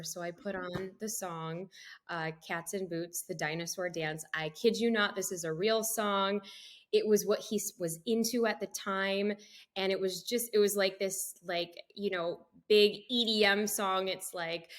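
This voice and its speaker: A middle-aged woman, a guest author, telling a personal story in a podcast interview with animated delivery and frequent laughter. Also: medium pitch, a little slow.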